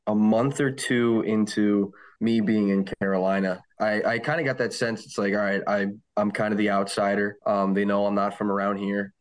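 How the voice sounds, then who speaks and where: Low-voiced joking male broadcaster. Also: steady tone, moderate pace, few pauses. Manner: joking, laughs easily. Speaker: sports play-by-play broadcaster. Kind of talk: casual chat.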